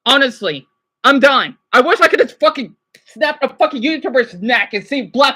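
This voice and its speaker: A woman livestreaming, reacting to videos and chat, swinging between furious rants and quiet apologies. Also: sits high, lively intonation, normal speed, husky.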